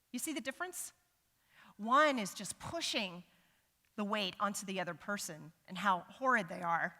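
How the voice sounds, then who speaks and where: A middle-aged woman giving a sermon to a church congregation, animated and humorous, acting out the voices she quotes. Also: medium pitch. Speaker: church speaker. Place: large church sanctuary. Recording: church hall with long reverb.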